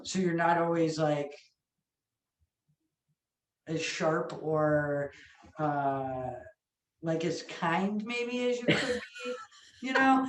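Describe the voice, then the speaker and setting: A woman restaurant owner telling stories in a casual interview, animated, swearing freely and acting out what people said. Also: fairly low pitch. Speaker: restaurant owner and sandwich chef. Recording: echoey room, mic far off.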